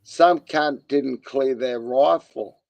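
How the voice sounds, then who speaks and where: A man chatting about old army days in a laid-back, crude way. His voice is gravelly and he talks slowly, at a middle pitch. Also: a little mellow, no echo. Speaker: podcast co-host, ex-soldier. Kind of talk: casual chat.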